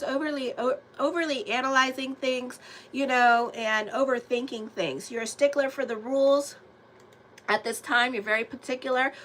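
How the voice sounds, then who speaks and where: A woman tarot reader talks casually through a reading for her channel. Her voice is bright and sits a little high. She chats freely and turns often to address her viewers. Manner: chatty, animated asides to viewers.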